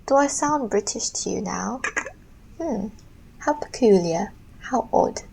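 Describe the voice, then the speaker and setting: Young female art streamer, casual rambling chat, low mellow voice with some fry. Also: expressive, measured pace, slight background noise, poor audio. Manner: chatty, rambling, slangy. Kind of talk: casual chat while drawing.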